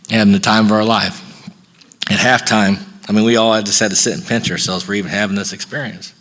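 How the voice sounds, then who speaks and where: A man's voice: on the low side, fairly even intonation, brisk, fairly bright tone. A middle-aged man speaking at a recovery workshop, telling a personal story in a folksy way and acting out the back-and-forth dialogue.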